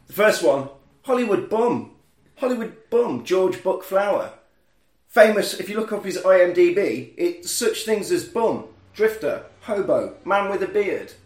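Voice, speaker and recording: A man, hosting a casual podcast and recapping a film with lively put-on voices for the characters. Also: high voice, unhurried, echoey room. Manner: animated, acts out film lines in put-on voices. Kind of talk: casual chat.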